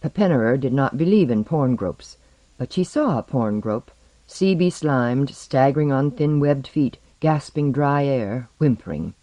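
An audiobook narrator giving a measured, dramatic reading of scripted narration. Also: medium pitch, expressive, mellow, no room sound.

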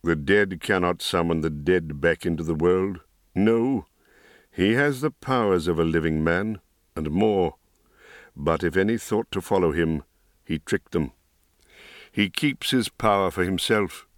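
A man voicing a wise, grave middle-aged mage in an audiobook, speaking in a low, measured way. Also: dry recording, clean studio sound. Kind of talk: audiobook reading.

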